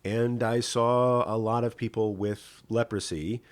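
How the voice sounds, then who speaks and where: A man's voice: mid-range voice, steady tone, measured pace. A middle-aged man, a rabbi hosting a live podcast, teaching in a conversational, welcoming way with frequent fillers. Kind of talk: live-streamed teaching and chat.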